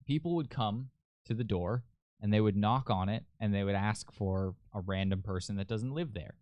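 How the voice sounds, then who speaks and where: Young male podcast host, rambling profane storyteller, smooth clean tone. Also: fairly low pitch, moderate pace, no echo, lo-fi sound. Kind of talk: casual storytelling.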